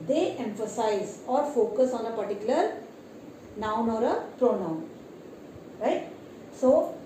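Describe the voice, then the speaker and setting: A woman teaches a grammar lesson in a high, mellow voice, pausing often to ask "right?". She talks slowly. The sound is very echoey, as if picked up from across a room. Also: slight background noise. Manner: explains slowly with repeated "right?" checks. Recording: echoey room, mic at a distance.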